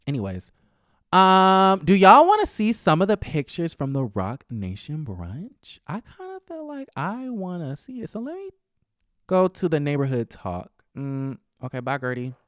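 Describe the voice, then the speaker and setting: A man's voice: on the high side, huge pitch swings, unhurried, a bit bright, no echo, clean studio sound. A man hosting a gossip vlog, giving sassy, dramatic commentary on reality TV with playful asides. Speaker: celebrity gossip vlogger.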